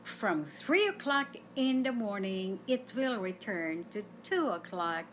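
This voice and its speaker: A woman's voice: medium pitch, big pitch swings, takes it slowly, slight background noise. A woman hosting a radio language segment, spelling out words and saying them syllable by syllable for listeners to repeat. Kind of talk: slow scripted language lesson. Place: radio studio.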